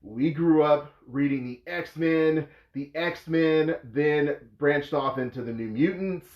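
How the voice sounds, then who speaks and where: A man with a high voice hosts a casual movie review. He talks in an animated, exasperated way and breaks into incredulous outbursts. The sound is dull and lo-fi, with room echo behind him. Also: slow pace. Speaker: host of a movie review show.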